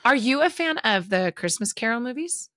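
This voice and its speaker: A woman's voice: fairly high pitch, moderate pace, dry recording, clean studio sound. A woman in her thirties co-hosting a podcast, chatting casually and animatedly about her favorite movies. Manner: animated, quotes movie lines with laughs. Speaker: podcast co-host. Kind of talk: casual chat.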